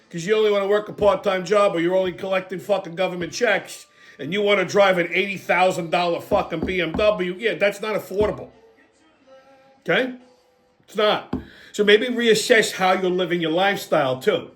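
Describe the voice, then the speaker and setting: A man's voice: sits high, a bit bright. A man hosting, delivering a blunt, profane comedic rant. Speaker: host.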